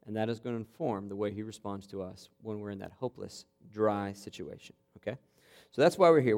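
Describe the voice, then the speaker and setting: A man preaching a sermon to students in a conversational way, often checking in with "okay?" and growing animated as he retells a passage. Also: lowish voice, vocal fry. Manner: builds to animated, vivid retelling. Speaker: campus pastor.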